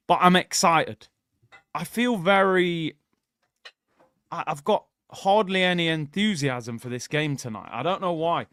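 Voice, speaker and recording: A young man rants sarcastically to his stream audience about his football club, his voice pitched fairly high for a man. He swings from exasperated grumbling to loud excited shouting. The sound is dry and close, with no room echo. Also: smooth. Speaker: football watchalong host. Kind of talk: casual live-stream rant.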